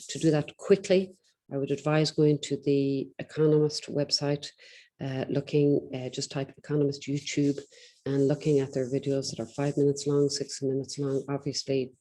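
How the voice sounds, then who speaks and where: A woman tutor giving a spoken lesson on exam speaking skills, talking in an instructive way with frequent ums and deliberate slow pauses. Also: very deep voice, dark tone. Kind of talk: online teaching lesson.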